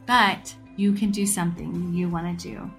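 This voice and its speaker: A woman's voice: lowish voice, moderate pace, creaky, soft background music. Chatty woman telling a story. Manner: animated, acts out quoted voices. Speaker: podcast host. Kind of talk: casual storytelling.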